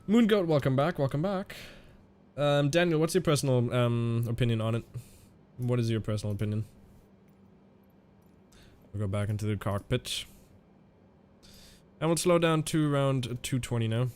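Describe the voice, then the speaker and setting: A man streaming a flight simulator, chatting casually in a halting way and answering viewers' questions as he flies. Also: mid-range voice, a little mellow, slight background noise. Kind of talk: casual live-stream commentary.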